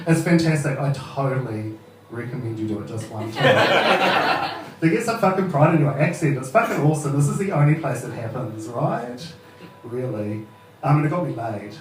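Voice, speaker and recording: A man's voice: a little high, big pitch swings, normal speed, noisy background. A man in his thirties with a New Zealand accent, doing a casual, sweary stand-up set and laughing at his own jokes at an open mic. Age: 30s. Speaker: stand-up comedian. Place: open mic comedy venue. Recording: echoey room, heard from far off.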